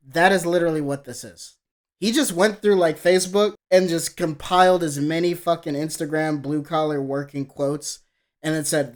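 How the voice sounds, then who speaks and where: A man doing live-stream reaction commentary in a heated, profane rant, mocking the voices he quotes. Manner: heated, profane ranting with sudden jumps in pitch. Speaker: streamer reacting to music videos.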